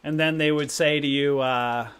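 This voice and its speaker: A man's voice: on the high side, steady tone, normal speed, a bit bright, clean tone. A middle-aged man hosting a live stream, telling rambling anecdotes in casual chat and often asking "right?". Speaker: stock trading stream host.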